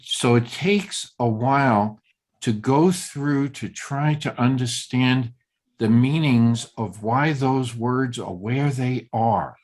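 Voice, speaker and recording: Man, study group leader, very slow pace, halting, many restarts, reads passages aloud. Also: mid-range voice. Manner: reads passages aloud and weighs word emphasis.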